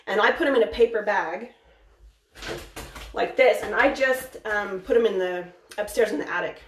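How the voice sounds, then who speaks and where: A woman hosting a casual live cooking stream from her home kitchen, chatty and excitable, rambling with many restarts. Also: medium pitch, moderate pace. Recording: echoey kitchen, mic at a distance, faint noise.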